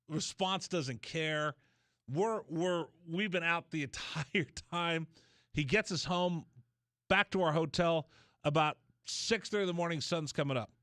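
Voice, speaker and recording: Guy on sports radio, kinda high voice, rambling story, dry studio mic. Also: no echo. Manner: rambling, animated storyteller with quick restarts. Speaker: radio host.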